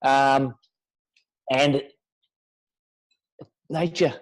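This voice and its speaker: A man's voice: medium pitch, steady tone, very slow, poor audio. Laid-back Australian man saying "mate". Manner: laid-back, says "mate" constantly, rambling and earnest. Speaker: guest. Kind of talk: casual chat.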